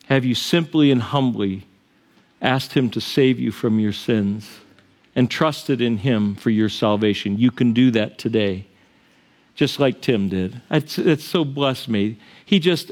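Middle-aged pastor, slightly higher voice, earnest sermon delivery with soft chuckles. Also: male voice. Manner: earnest, rises in pitch for emphasis, chuckles between points. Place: church sanctuary.

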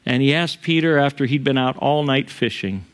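A man's voice: medium pitch, moderate pace. A middle-aged male pastor preaching a sermon in a conversational way, chuckling often and acting out the quotes he tells.

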